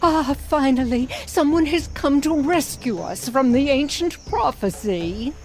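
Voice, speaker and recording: A woman's voice: high-pitched, lively intonation, measured pace, slight background noise. A woman voicing an ancient talking stone head in a video game, grave and prophetic with a matter-of-fact turn. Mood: solemn.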